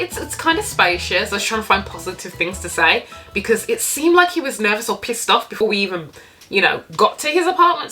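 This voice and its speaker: A young woman vlogger, bright and forward in tone, telling a dating story in casual storytime fashion. She talks candidly and with animation, swearing freely, with faint music underneath. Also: medium pitch.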